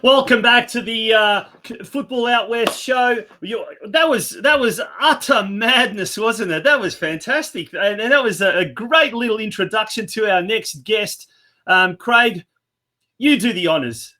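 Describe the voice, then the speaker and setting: A man's voice: high-pitched, lively intonation, measured pace, sharp tone. A man hosting a football podcast, chatting enthusiastically with a guest. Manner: laughing, enthusiastic. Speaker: podcast host. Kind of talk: casual podcast chat.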